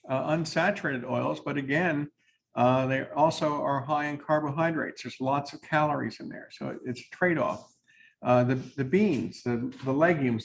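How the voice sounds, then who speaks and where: Gravelly-voiced male biology lecturer. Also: mid-range voice, a little hiss or hum. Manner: dry sarcastic asides, many fillers and restarts. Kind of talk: classroom lecture. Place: lecture hall.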